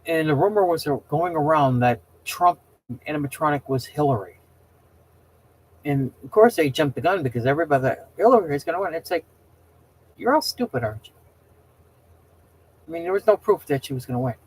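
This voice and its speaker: A man's voice: on the high side, fast talker, breathy edge, rough recording. A middle-aged man hosting a casual chat, rambling and opinionated, often restarting his sentences and stumbling over words. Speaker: host chatting with viewers.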